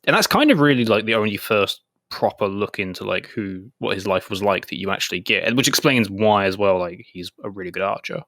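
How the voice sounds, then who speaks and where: A man co-hosting an anime podcast in casual chat, talking fast with lots of fillers and retelling scenes. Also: lowish voice, lively intonation, a bit bright, no echo, clean studio sound. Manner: chatty, many "like" fillers, retells scenes in quoted voices. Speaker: podcast co-host.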